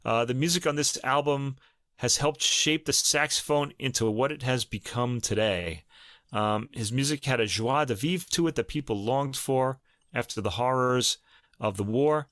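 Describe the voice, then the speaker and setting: A man co-hosting a music podcast, chatting casually and thinking aloud with many pauses and ums. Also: mid-range voice, fairly bright tone, no room sound, studio quality. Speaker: podcast co-host. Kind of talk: casual chat about recordings.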